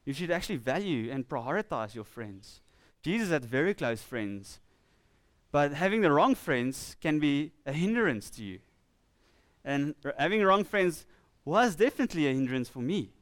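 Earnest South African preacher, clear voice. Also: male voice, on the high side, very animated, dry recording. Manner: earnest, with laughing asides and slow emphatic scripture reading. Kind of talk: sermon. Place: church.

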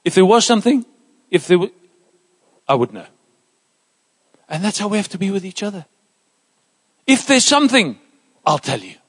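A man preaching a sermon in a church, emphatic and lively, dropping into soft asides. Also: high voice, normal speed, long pauses, husky. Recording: reverberant church hall.

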